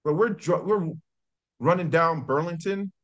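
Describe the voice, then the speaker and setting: A man's voice: a little high, a little slow. A middle-aged man, a former college football player telling stories as a podcast guest, acting out the voices of the people in them. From New York. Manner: animated storyteller who acts out quotes. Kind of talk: casual storytelling.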